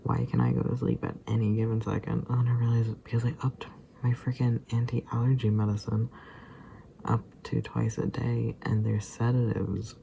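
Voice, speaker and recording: A man's voice: mid-range voice, level tone, normal speed, gravelly, dark tone, a little hiss or hum. A tired, sleepy man rambling casually to the camera, sometimes drifting into muttered whispers. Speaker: vlogger.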